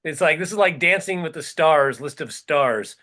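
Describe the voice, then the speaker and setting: A man's voice: on the high side, expressive, moderate pace, pushed and bright. A man co-hosting a comedy podcast, ranting sarcastically with plenty of swearing. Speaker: podcast co-host. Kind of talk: casual comedic chat.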